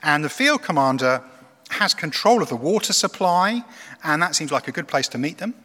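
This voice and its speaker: A man preaches in a church, telling the story with a conversational, animated manner. His voice is bright and swings widely in pitch. Long reverb from the church hall trails behind him. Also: moderate pace. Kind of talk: sermon.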